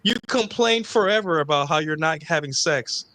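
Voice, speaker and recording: A man hosting a casual podcast chat, blunt and profane, mimicking others in high mocking voices. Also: animated, normal speed, bright, forceful tone. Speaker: podcast host.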